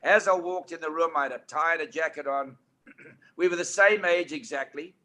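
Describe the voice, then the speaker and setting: A man in his eighties with a South African accent, telling anecdotes as an interview guest in a lively, animated way. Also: on the high side, normal speed. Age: 80s. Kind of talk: storytelling interview. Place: indoor studio couch.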